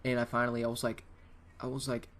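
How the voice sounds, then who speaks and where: Speaking quickly in a mid-range voice, this teen guy runs a gaming channel and shares an excitable, rambling storytime full of restarts, recorded on a USB desktop microphone.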